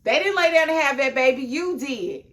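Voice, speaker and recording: A woman giving a casual video review of a TV episode, talking emphatically and laughing often, then dropping into a lower, confiding tone. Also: moderate pace. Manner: emphatic and animated, with frequent laughs; chatty, drops into a low, confiding tone.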